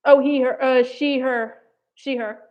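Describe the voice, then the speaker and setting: A woman's voice: high-pitched, fairly even intonation, unhurried, a little mellow. A young woman from New chatting casually on a livestream, hesitant and rambling. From New Jersey. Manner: rambling, hesitant, many "like" and "I don't know". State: slightly out of breath. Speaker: animation commentary channel host. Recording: tinny phone-like audio.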